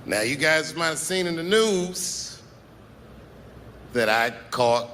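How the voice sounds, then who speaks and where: A man opening a stand-up set with a slow, measured delivery. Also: on the high side, lively intonation, pushed and bright, a little hiss or hum.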